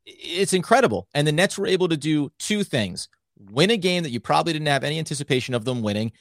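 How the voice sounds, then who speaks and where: A man's voice: on the high side, animated, fast talker, a bit bright, no echo, studio quality. A man co-hosting a casual sports podcast, with upbeat, hype-style delivery. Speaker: podcast co-host.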